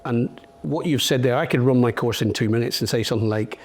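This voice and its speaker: Middle-aged british guy, calm and steady, explains stuff patiently, medium pitch. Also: fast talker, slight background noise. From Britain. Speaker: guest, veteran and trainer. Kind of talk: casual interview.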